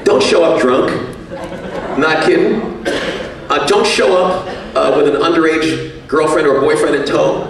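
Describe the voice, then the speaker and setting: A man's voice: a little high, unhurried, long pauses, far from the mic, a crowd in the background. Joking man speaking in an echoey hall. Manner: self-mocking, jokey storytelling. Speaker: banquet speaker, radio executive. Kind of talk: after-dinner speech with anecdotes. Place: banquet hall.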